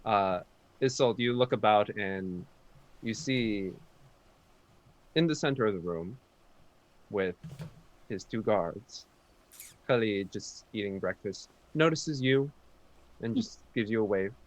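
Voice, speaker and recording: A man with a fairly low voice narrates as game master. He keeps it loose and casual, stopping often to search for words while he describes the scene. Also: slow, pauses often, muffled recording. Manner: relaxed, easygoing narration with frequent ums.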